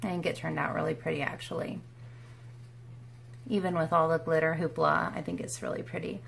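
A woman's voice: low-pitched, level tone, fairly quick, vocal fry, slight background noise. A woman chatting through a makeup tutorial in her room at home, in a bubbly, rambling way. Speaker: beauty vlogger. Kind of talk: casual makeup tutorial chat.

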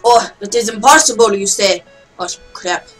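A woman giving casual gameplay commentary as a channel host, excitable and self-mocking, with quick outbursts. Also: mid-range voice, soft background music.

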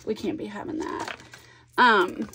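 A middle-aged woman scrapbooks while chatting casually for her crafting vlog, rambling through a story and acting out both sides of a conversation. Her mid-range voice is pushed and bright at a measured pace, with a little hiss or hum in the audio.

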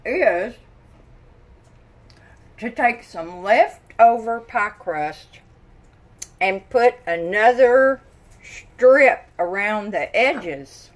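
Brief: older woman, home vlogger, unhurried and folksy, tired, mid-pitched. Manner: chatty, folksy, exclaiming often. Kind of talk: casual chat to camera. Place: home kitchen.

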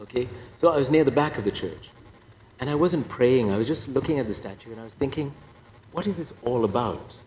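A man's voice: medium pitch, animated, fast, a little mellow, slight background noise. A priest giving a personal testimony talk, telling his story with wry, self-deprecating humor. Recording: echoey hall reverb.

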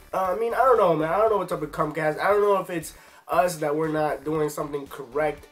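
Young male vlogger, slightly high voice, rambling frustrated rant with a cough, faint music underneath. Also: fairly quick, fairly bright tone. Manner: frustrated, swearing, rambling with many fillers. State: sick, coughing. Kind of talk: casual ranting vlog.

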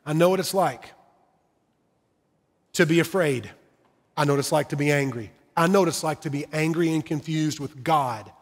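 Middle-aged pastor, man, high-pitched, earnest and personal, preaching in a reverberant sanctuary. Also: normal speed, pauses often. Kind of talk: sermon. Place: church sanctuary.

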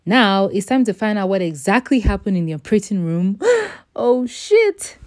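A woman in her thirties from Nigeria with a Nigerian accent, telling a lively storytime vlog and acting out the dialogue. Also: medium pitch, normal speed, recorded from a distance. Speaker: vlogger.

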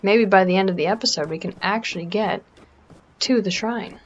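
A woman's voice: medium pitch, moderate pace, highs cut off. Chatty Canadian woman gaming. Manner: chatty, self-mocking, drops to a whisper when sneaking. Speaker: let's play gamer. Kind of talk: casual gameplay commentary.

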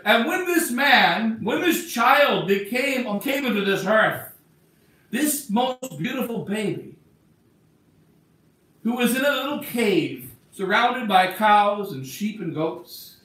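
A man's voice: extremely high pitch, bright, forceful tone. A man preaching an emphatic sermon as a bishop, acting out the words he quotes. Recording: echoey church from far off.

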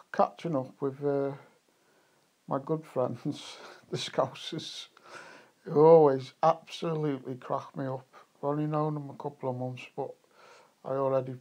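A man's voice: medium pitch, a little mellow, dry recording. An English man vlogging at a metal detecting rally outdoors, chatty and jokey, laughing often as he talks to friends. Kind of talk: casual vlog chat. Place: fields outdoors. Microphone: camera mic, wind noise at times.

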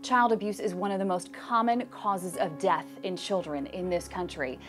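A woman speaks in an earnest, grave tone, laying out facts one after another. Her pitch sits mid-range, and faint music runs underneath. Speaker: advocate. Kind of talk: awareness narration.

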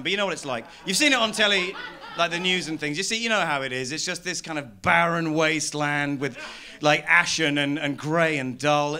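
A man from London performing a stand-up comedy set in a small arts venue, telling stories deadpan and building to loud rants. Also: on the high side, clear, resonant tone.

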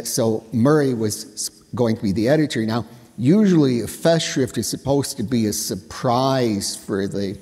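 Older male panelist, slow and measured, dry wit, husky tone, long hall reverb. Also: medium pitch, darkish tone. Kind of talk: anecdotal panel talk.

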